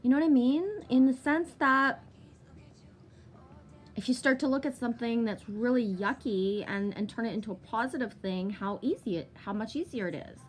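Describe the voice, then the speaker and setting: A vlogger in her thirties tells a lengthy personal story casually, swearing freely and leaning on lots of fillers. Her voice is fairly high and moves at a moderate pace, with slight background noise.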